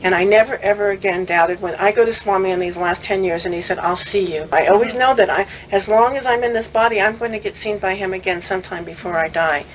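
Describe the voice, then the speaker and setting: An older woman recounting her memories in a lively, conversational way, often laughing and acting out what others said. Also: mid-range voice, quick pace, hardly any pauses, a little hiss or hum, low-quality recording. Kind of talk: conversational storytelling.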